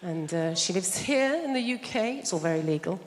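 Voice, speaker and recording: A woman's voice: fairly low pitch, animated, fairly quick. A woman from England doing a stand-up routine, chatty and self-deprecating, teasing the audience. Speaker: stand-up comedian. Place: large theatre stage. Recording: big theatre with long reverb and loud noise.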